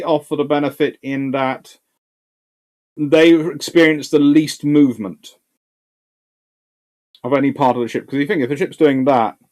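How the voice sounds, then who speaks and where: A man who hosts a naval history channel fields viewer questions live in a higher-leaning, darkish voice, thinking aloud as he goes and frequently restarting or repeating words.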